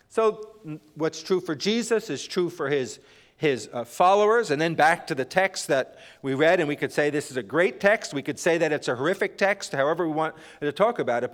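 A male preacher reads scripture and explains it in an expressive sermon, halting with frequent "uh." His voice rises when he quotes and drops low at phrase ends, with long hall reverb on the recording.

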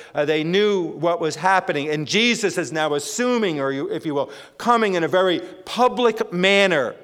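High-voiced preacher in a reverberant hall. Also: male voice, a bit bright. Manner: emphatic, repeats phrases, frequent restarts. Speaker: pastor. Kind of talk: sermon.

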